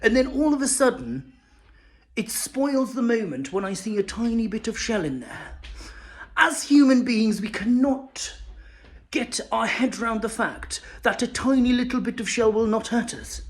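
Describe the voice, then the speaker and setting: A man doing an impression of an excitable, fussy male stand-up comedian who gets breathless and shrill as he rants. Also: measured pace. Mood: exasperated. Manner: breathless, exaggerated, rising to shrill peaks.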